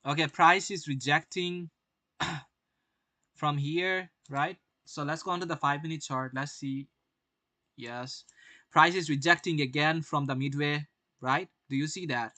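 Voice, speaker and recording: A man's voice: fairly high pitch, fairly even intonation, measured pace, bright, forceful tone, no room sound. A young man doing live-stream market commentary, brash, swearing often and firing rhetorical questions at his viewers.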